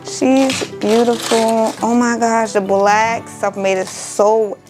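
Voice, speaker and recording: A woman's voice: on the high side, flat delivery, slow pace, rough recording. Young woman, crafting vlogger, emotional, exclamatory, casual chat, faint music behind. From Miami. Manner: emotional, exclaiming, addresses viewers as y'all.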